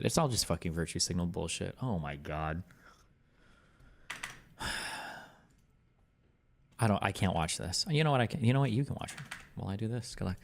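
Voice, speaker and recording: A man's voice: fairly low pitch, vocal fry, slight background noise. A man streaming, retelling a story in a casual, exasperated, mocking way. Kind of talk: casual livestream commentary.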